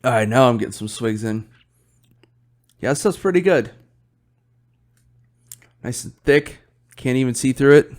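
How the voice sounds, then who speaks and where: A man's voice: mid-range voice, lively intonation, unhurried, long pauses, a little mellow. A young man hosting his own podcast, chatting casually and rambling while he drinks beer, swearing often and yawning. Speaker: podcast host.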